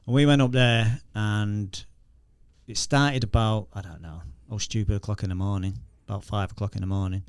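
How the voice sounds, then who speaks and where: A man's voice: lowish voice, steady tone, moderate pace, clear, resonant tone, dry recording, studio quality. A middle-aged man from England with a Northern English accent, telling anecdotes in a casual podcast interview, laughing and restarting as he goes. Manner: chatty, laughs through anecdotes, lots of restarts. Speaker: guest, former explosive detection dog handler.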